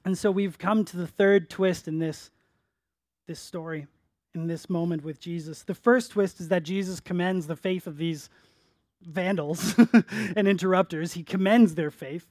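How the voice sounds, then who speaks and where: A male pastor preaching a sermon in church, earnest, rising to emphatic peaks and dropping soft on key phrases. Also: sits high, unhurried, dry recording.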